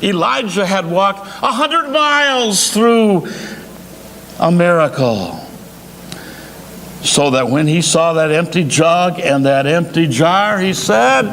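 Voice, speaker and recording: Slow, emphatic male preacher in a church. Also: high voice, expressive, fairly bright tone. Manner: emphatic preaching with dramatic pauses. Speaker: associate pastor. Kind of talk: sermon. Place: church sanctuary. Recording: reverberant church hall, faint noise.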